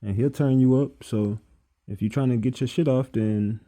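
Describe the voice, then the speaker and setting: Man, interviewer, blunt probing questions, dark mellow voice, casual talk. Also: mid-range voice, steady tone, moderate pace.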